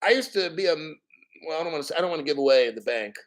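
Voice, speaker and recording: A man's voice: on the high side, expressive, fast. Profane, rambling crypto host in his 50s. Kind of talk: casual livestream commentary.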